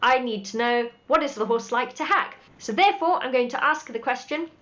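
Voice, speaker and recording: A woman's voice: sits high, fairly quick, a bit bright. A woman, working as a horse dealer, giving direct, practical advice with dry humour. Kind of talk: scripted advice talk to camera. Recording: dull lo-fi audio.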